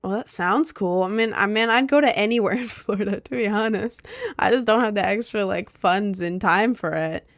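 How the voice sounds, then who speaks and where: A woman's voice: medium pitch, moderate pace, no room sound, studio quality, faint music behind. A young woman streamer from Maryland chatting casually and rambling as she reads viewer questions. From Maryland, USA. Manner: chatty, rambling, filler-heavy. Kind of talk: casual livestream chat, reading viewer questions.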